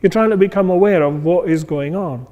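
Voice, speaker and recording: A man's voice: high-pitched, fairly quick, narrow, tinny audio. A man teaching a meditation class in a loose, conversational way, full of fillers and checks for understanding. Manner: conversational, many fillers, acts out inner voices. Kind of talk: informal class talk. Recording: long reverb in a hall.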